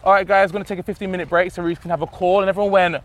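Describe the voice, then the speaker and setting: Fast-talking animated young man. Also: sits high. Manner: animated storyteller, acts out quotes. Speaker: guest. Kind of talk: casual podcast chat.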